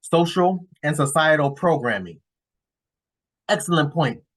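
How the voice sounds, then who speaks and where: A man's voice: on the high side, expressive, measured pace, husky. A man giving casual reaction commentary on a clip, blunt and cursing, rambling with restarts.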